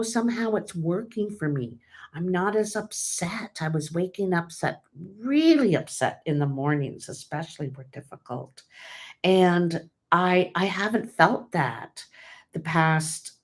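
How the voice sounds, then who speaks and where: A woman hosting her own vlog, talking in a candid, casual way with many fillers and restarts. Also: fairly low pitch. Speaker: tarot channel host. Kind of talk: casual personal vlog talk.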